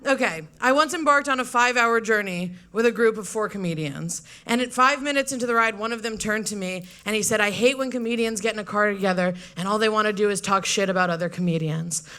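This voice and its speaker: A woman's voice: mid-range voice, sharp tone. A young woman comedian giving a brash, profane, sarcastic stand-up debate speech.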